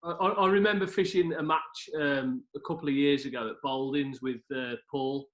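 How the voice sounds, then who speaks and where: A man's voice: medium pitch, fairly even intonation, moderate pace, a bit bright. Chatty man in an echoey room. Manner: chatty, laughs easily, asks for agreement. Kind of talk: casual video call chat. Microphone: video call. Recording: echoey room on a video call.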